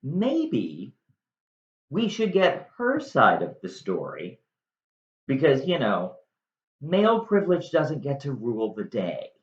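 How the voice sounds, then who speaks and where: A man voicing a sharp-tongued, loyal young woman in an earnest, persuasive way. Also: mid-range voice, huge pitch swings, takes it slowly, long pauses. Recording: dull echoey room recording.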